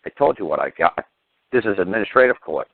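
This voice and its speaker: A man's voice: sits low, big pitch swings, fast, creaky, dry recording. A man hosting a talk radio show, speaking bluntly and heatedly with profanity and stammering restarts. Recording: tinny phone-line radio audio.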